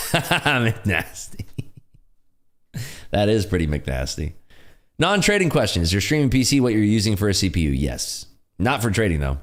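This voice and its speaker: Man, low pitch, lively intonation, casual live trading commentary, chatty and laughing. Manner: chatty, jokey, laughs often. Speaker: day-trading livestream host. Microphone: desk computer streaming setup.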